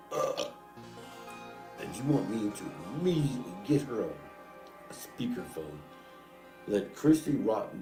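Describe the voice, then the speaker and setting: A man ranting at length to someone who is not there, cursing and calling him selfish, swinging between loud outbursts and muttering. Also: medium pitch, reverberant, rough recording. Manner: angry, profane, addresses absent man directly. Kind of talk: ranting monologue.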